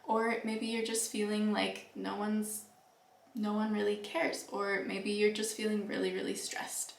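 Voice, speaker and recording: A young woman vlogger giving earnest, reflective advice to the camera, with soft laughs and fillers. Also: mid-range voice, flat delivery, measured pace, vocal fry, recorded from a distance, a little hiss or hum. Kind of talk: casual advice talk to camera. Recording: echoey room, voice a bit off-mic.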